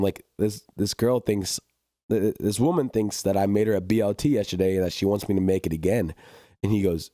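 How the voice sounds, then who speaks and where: A man's voice: lowish voice, steady tone, fairly quick, dark tone, no room sound, clean studio sound. A young man co-hosting a casual chat, telling a work story with laughs and restarts. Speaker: podcast co-host.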